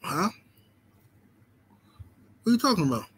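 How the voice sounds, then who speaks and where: Dude, chillin on a boxing stream, cussin, lots of "you know what im sayin". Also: male voice, high voice, sing-song, measured pace, a bit bright, husky, rough recording. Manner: laid-back, profane street talk with lots of "you know what I'm saying". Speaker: boxing channel host. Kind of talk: casual livestream chat reading the super chat.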